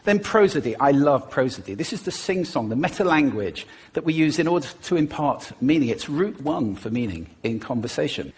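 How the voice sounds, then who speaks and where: A man giving a stage talk in an animated way, demonstrating voice techniques as he speaks. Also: fairly high pitch, moderate pace, hardly any pauses, husky. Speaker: public speaker.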